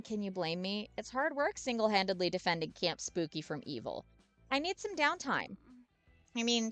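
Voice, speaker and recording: A woman voicing a tired, deadpan teenage witch girl in a game playthrough. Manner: low, weary, flat.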